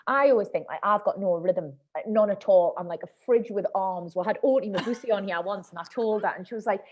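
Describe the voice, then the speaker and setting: Host, woman in her thirties, slangy and chatty, a bit husky. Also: mid-range voice, quick pace, muffled recording. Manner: chatty, slangy, calls people mate. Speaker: podcast host. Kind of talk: casual chat.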